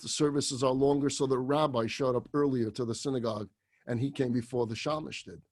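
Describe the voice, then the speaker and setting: A rabbi telling a story in a sermon, animated and dramatic. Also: male voice, medium pitch, fairly quick.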